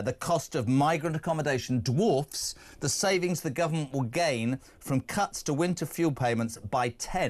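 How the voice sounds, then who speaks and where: A man hosting a radio phone-in, brash, jokey and opinionated. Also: medium pitch. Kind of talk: lively radio phone-in chat.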